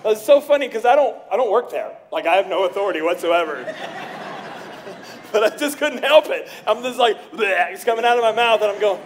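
A middle-aged male pastor preaching in a church, with a fairly high voice. He tells stories in an animated way and acts out the people he quotes. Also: a little fast, slight background noise. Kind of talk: sermon. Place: church sanctuary.

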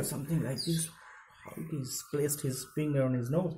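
A man's voice: a little high, expressive, moderate pace, darkish tone, a little hiss or hum, low-quality recording. A male English teacher with an Indian accent, reading a story aloud and paraphrasing it for students, with frequent fillers. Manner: reads a passage aloud, then paraphrases with many fillers. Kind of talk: explaining a literature text in a recorded lesson.

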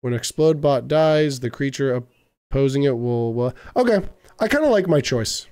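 A man's voice: mid-range voice, animated, moderate pace, a little mellow. A young man giving casual let's-play commentary, thinking aloud and stumbling over game words. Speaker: gaming video creator.

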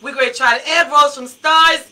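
A woman's voice: high voice, fairly even intonation, brisk, pushed and bright, recorded from a distance, low-quality recording. A woman radio host, chatting live and laughing a lot as she tastes food and greets listeners. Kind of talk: casual live tasting chat. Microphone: handheld mic.

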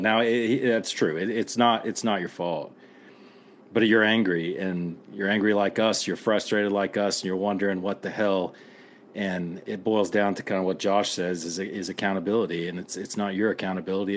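Angry, blunt middle-aged man. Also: sits low. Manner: angry, blunt, swears, rallying listeners. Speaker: podcast co-host. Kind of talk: impassioned podcast commentary.

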